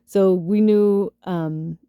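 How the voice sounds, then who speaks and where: A woman's voice: medium pitch, steady tone, extremely slow, smooth, no room sound, narrow, tinny audio. A woman from the Chicago suburbs, telling a rambling, profanity-laced story on her spiritual podcast, full of fillers and laughs. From Chicago suburbs, US Midwest. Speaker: spiritual medium podcast host. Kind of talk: casual storytelling monologue.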